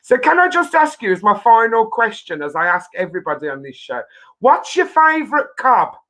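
A woman from Birmingham with a Brummie accent, hosting a casual chat show in a lively, jokey way. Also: on the high side, brisk, poor audio. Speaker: host.

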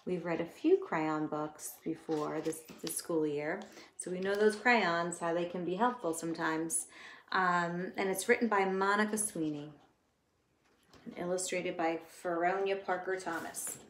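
A woman teacher reading a picture book aloud in a gentle, expressive way, talking to her listeners as she goes. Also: fairly low pitch, unhurried. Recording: echoey room with faint noise.

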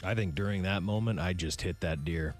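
A man's voice: low voice, brisk, faint music behind. A man hosting a radio show, chatting casually and joking with a laugh in his voice. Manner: jokey, laughs often, puts on mock Canadian "eh". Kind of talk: casual morning radio banter.

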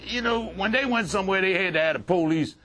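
A man's voice: high voice, fast talker, slight background noise. An older man, telling profane, streetwise stories to a recovery group. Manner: profane, streetwise, animated storytelling with laughter. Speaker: relapse prevention speaker. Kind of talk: storytelling talk to a group.

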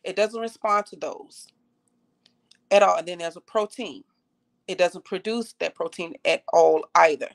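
A woman's voice: fairly low pitch, measured pace, gravelly. A young woman sharing her own story on a live stream in an earnest, heartfelt way, repeating phrases for emphasis. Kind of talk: personal testimony on a live stream.

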